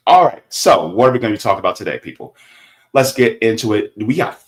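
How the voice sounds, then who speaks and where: A man's voice: lowish voice, very animated, fast. Chatty man hosting a livestream. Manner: reads viewer comments aloud, chatty, gets loud when heated. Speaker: livestream host. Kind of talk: casual livestream chat.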